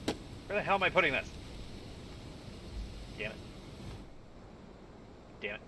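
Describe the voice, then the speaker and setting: A man doing casual let's-play commentary, talking to himself with sudden shouts and mutters. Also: fairly high pitch, sing-song, slow pace, a little hiss or hum, poor audio. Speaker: gaming YouTuber.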